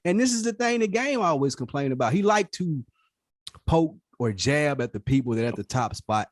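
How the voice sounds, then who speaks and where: Man, podcast co-host, animated, lively swinging pitch, slightly high voice, dry close sound. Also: normal speed, dry recording. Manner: animated, profane, acts out mock quotes. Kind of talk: casual hip-hop podcast chat.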